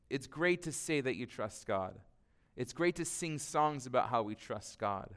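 Earnest man preaching, smooth clear voice. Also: mid-range voice, a bit bright. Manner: earnest, conversational preaching with frequent restarts. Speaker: pastor. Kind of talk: sermon.

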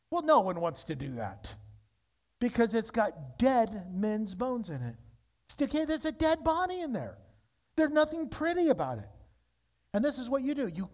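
A man preaching a sermon as pastor, emphatic, with wide swings between loud high peaks and low quiet stretches.

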